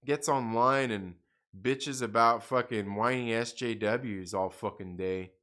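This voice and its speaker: Bright-voiced profane livestream ranter. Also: male voice, medium pitch, a little slow. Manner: profane, laughing, repetitive ranting. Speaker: livestream host. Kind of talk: casual livestream chat reacting to viewers.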